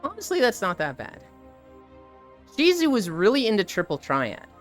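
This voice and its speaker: Lively, swearing woman streamer. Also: medium pitch, moderate pace, faint music behind. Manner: animated, profane anecdote-telling. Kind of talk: casual storytelling on a live stream.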